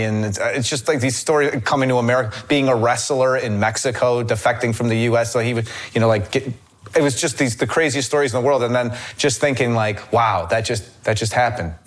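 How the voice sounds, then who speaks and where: A man's voice: medium pitch, fairly even intonation, fairly quick. A man from Chicago, a podcast guest and actor, telling stories in casual chat with many restarts. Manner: rambling, many restarts and fillers.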